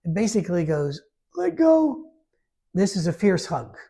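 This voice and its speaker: A man's voice: high voice, a little fast, mellow, slightly rough. A man, a pastor reading scripture aloud and breaking off to comment casually in a Bible study. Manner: reads scripture aloud, then breaks off to comment with asides and light humor. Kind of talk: conversational Bible teaching.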